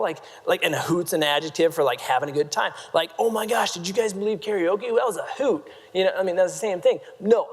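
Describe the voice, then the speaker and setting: A Nebraska-born motivational speaker with a high-sitting voice gives a funny storytelling keynote to a live crowd from the main stage of a large convention hall, with long hall reverb in the recording. He jokes at his own expense, throws quips at the audience, and peppers his sentences with "like".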